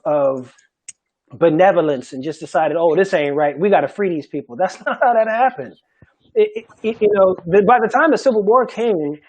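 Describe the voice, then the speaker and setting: A middle-aged man from Charleston, a Gullah language teacher, speaking emphatically in an animated panel talk and laughing often. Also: on the high side, poor audio. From Charleston, South Carolina.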